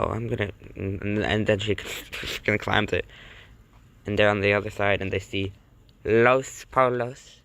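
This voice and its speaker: A man's voice: on the low side, vocal fry, fairly bright tone. A man narrating a homemade cartoon in a rambling, stumbling, offhand way.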